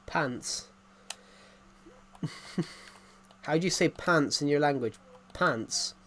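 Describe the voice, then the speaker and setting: An English man chats loosely with his live stream audience. His voice sits a little high for a man, and he circles back and restarts sentences as he goes. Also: moderate pace, fairly bright tone, slight background noise. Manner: rambling, repeats and restarts phrases. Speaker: live streamer reading chat. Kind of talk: casual chat to stream viewers.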